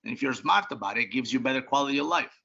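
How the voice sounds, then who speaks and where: A man's voice: medium pitch, animated, racing, creaky, pushed and bright, husky. A middle-aged man, a restaurant company boss, answering interview questions bluntly at home, with emphatic restarts and some casual swearing. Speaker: restaurant group CEO, interview guest. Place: home office. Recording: dull lo-fi sound.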